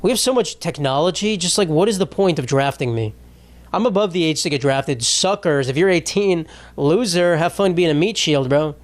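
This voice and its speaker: A man's voice: on the high side, animated, normal speed. Crude sarcastic podcast host, man. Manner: crude, sarcastic, rambling with mocking put-on voices. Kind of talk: casual comedic monologue.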